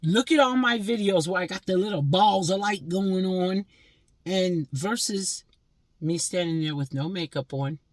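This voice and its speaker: A woman's voice: lowish voice, measured pace, dry recording. A woman in her sixties from Pennsylvania, delivering a blunt, profane, scolding monologue as a vlogger. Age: 60s.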